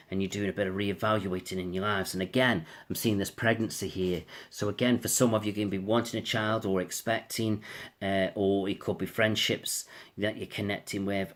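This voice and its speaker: A man giving a casual astrology reading, rambling and reassuring, often repeating "I feel so". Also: on the low side. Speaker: astrologer and tarot reader.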